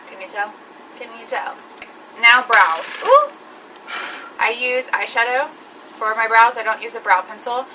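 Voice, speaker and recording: A woman's voice: fairly high pitch, recorded from a distance, background noise. A woman talking through her makeup routine step by step in a chatty vlog. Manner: chatty, explains each step. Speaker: beauty vlogger. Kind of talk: makeup tutorial.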